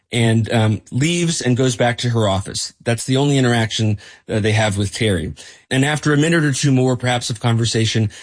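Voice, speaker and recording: A man, a journalist, recounting a reported story in a thoughtful, conversational way, with frequent fillers and self-corrections. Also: medium pitch.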